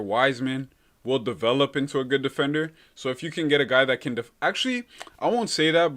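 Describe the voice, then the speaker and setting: A young man hosting a relaxed live stream, reading viewer comments and calling everyone bro. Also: medium pitch. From Canada. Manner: laid-back, calls everyone bro.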